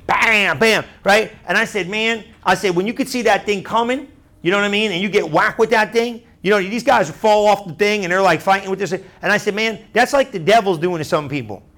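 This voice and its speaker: A man pastor preaching a sermon through a story, chatty and animated, often asking the crowd "right?". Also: sits high, fairly quick.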